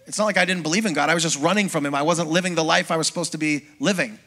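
A middle-aged man, a pastor, preaching a sermon as a lively personal testimony and acting out the voices of people in his story. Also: fairly high pitch, rapid-fire. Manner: storytelling, acts out quoted voices, conversational with congregation.

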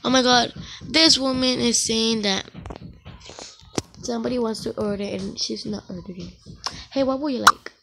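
A woman giving casual commentary while playing an online game, excitable and full of exclamations. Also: on the high side, moderate pace, vocal fry, long pauses, a little hiss or hum. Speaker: gamer.

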